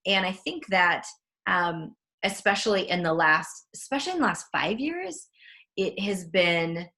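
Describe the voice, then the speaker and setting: A woman interviewing a guest in a measured, earnest way, with frequent fillers. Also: on the low side, expressive, pushed and bright. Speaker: interviewer, author. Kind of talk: conversational interview.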